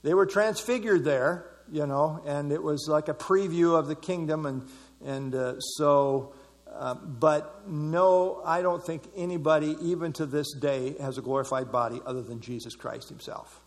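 A man's voice: a little high, fairly even intonation, measured pace, big-room sound. A man leading a Bible study class, explaining scripture verse by verse with emphasis.

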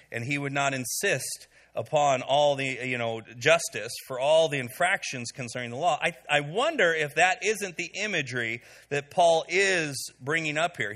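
Speaking with a fairly high, sharp-toned voice, a man teaches a Bible study to a live group in a room. He keeps it conversational, full of "okay"s and fillers, and questions the people there.

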